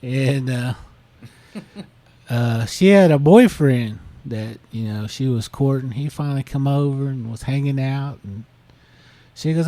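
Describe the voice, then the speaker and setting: A man's voice: medium pitch, a little slow, a little mellow, dry recording. A man co-hosting a podcast, casually retelling a listener's story with lots of fillers and restarts. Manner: rambling, many fillers. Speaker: podcast co-host.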